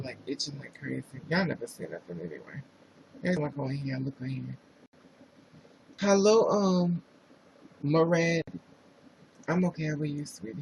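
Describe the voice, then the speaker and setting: Jersey guy livestreaming, sassy and chatty, slow drawl, faint room hum. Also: fairly high pitch, gravelly, darkish tone, poor audio. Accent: New Jersey. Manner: sassy, chatty, reads viewer names aloud. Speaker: livestream host. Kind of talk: casual livestream chat.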